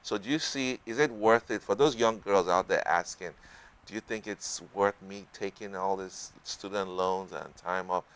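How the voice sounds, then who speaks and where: A man with a low, smooth, resonant voice hosts a local television health interview. He asks long, stacked questions and piles one onto the next before his guest answers. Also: normal speed, fairly bright tone. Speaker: talk show host.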